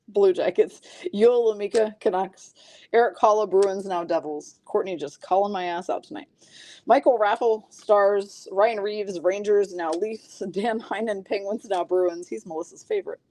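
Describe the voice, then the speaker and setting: A woman's voice: mid-range voice, a little slow, warm tone. A woman hosting a live card break stream, calling out cards and reading the chat in a chatty, self-mocking way, often breaking into giggles. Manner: giggly, keeps breaking into laughter.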